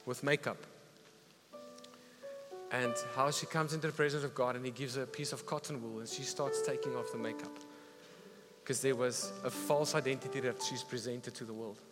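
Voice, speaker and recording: A man preaching a sermon, retelling a story with animated, emphatic delivery. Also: medium pitch. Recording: reverberant hall with faint music.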